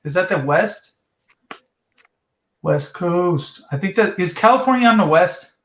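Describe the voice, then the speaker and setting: High-voiced man ranting in an echoey room. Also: expressive, unhurried, fairly bright tone. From South Dakota. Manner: rambling, profane, repeats words. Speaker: livestream host. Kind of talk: ranting livestream chat.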